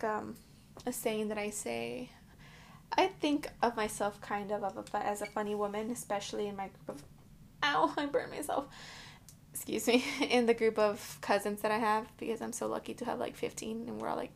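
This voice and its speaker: A woman's voice: a little high, fairly even intonation, normal speed, creaky, slight background noise. A woman hosting a podcast in casual chat, rambling and swearing freely while getting ready at home. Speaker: podcast host. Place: indoors at home, curling hair.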